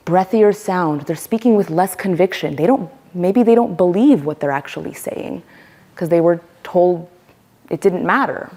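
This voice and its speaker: A woman's voice: fairly low pitch, normal speed, mellow. A woman leading a voice workshop, speaking emphatically and demonstrating voices as she explains. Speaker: workshop leader. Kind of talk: teaching a voice workshop.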